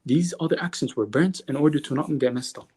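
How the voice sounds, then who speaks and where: Husky man arguing in halting bursts. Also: on the high side, darkish tone. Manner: halting, repeats words, insists on being heard. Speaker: caller. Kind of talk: call-in debate.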